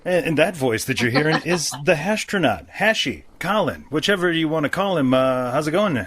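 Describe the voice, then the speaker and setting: A man's voice: a little high, lively intonation, normal speed, a bit bright, husky. Laid-back rambling podcast host, a man. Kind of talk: casual chat.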